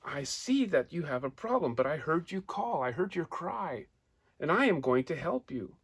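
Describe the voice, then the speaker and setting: A man voicing a small, brave mother mouse who speaks gently and reassuringly. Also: a little high, sing-song, moderate pace, slightly rough, voice pushed up, full character voice.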